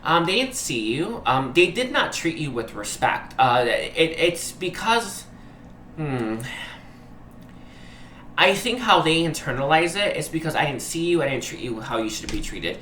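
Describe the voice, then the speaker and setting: A man gives a heartfelt tarot reading in a bright, forward voice. He keeps stumbling, hunting for the right word and saying sorry. The sound is roomy and echoey, with a faint hiss underneath. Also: fairly high pitch, very animated, unhurried. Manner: hesitant, searching for words, often apologizing; earnest, emotionally moved. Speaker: tarot reader. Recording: roomy echo, faint background noise.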